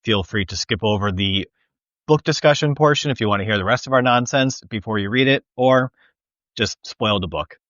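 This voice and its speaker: Low-voiced man hosting a book chat. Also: moderate pace, no echo, highs cut off. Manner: relaxed, leads discussion with questions. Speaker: podcast host. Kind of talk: casual chat.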